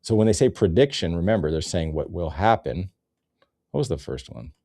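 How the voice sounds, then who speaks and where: Deep, lively sarcastic male ranter. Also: fairly quick, dry recording, studio quality. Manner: rambling, sarcastic, swearing. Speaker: comedy commentator. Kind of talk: ranting comedy commentary.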